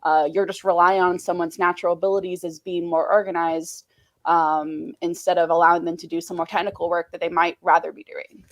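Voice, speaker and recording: A woman's voice: lowish voice, flat delivery, dry recording. Hesitant woman with a dry voice. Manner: halting, many fillers and restarts. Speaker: incident responder on a panel. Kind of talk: panel discussion.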